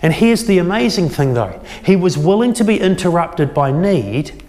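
A man preaching a sermon, retelling a scripture story with lively acted-out quotes. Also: high voice, moderate pace, in a large hall. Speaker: pastor.

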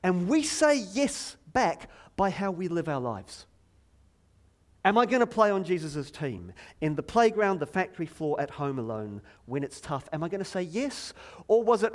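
A middle-aged man preaching a lively, joking sermon from a church stage, chatty and self-deprecating, drawing the congregation in. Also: sits high, normal speed. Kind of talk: playful sermon with audience participation.

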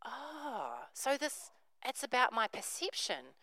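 A woman's voice: a little high, big pitch swings, takes it slowly, bright, forceful tone, dry recording, low-quality recording. A woman, preaching a sermon, telling a story and acting out the characters' voices.

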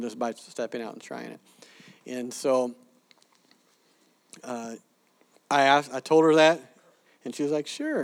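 Animated man teaching from stories. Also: medium pitch. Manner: animated storyteller, acts out quoted people. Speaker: preacher teaching evangelism. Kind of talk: sermon-style teaching with stories.

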